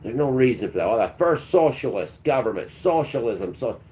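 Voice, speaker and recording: A man's voice: medium pitch, lively intonation, moderate pace, a little mellow. A man hosting a livestream, delivering a preachy, combative monologue and talking back to his chat. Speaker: livestream host.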